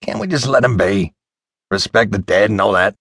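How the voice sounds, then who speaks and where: A man's voice: low-pitched, very animated, moderate pace, vocal fry, a bit bright, breathy edge, no echo, clean studio sound, heavily acted. A male narrator voicing a blunt, grumbling thirty-year-old man.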